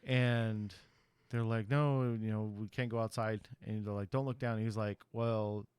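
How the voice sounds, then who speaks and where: A man's voice: lowish voice, fairly even intonation, measured pace, a little mellow, smooth. A man on a podcast casually retelling a horror movie's plot in a rambling way, acting out the characters' lines and swearing loosely. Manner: loose, profane slang. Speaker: podcast host.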